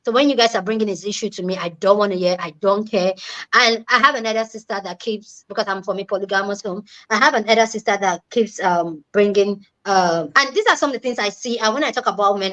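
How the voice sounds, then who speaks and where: A young adult woman who isn't a native English speaker earnestly shares a personal story in a casual chat, repeating key words for emphasis. Her voice is medium-pitched, a bit bright and fairly quick, on a rough recording.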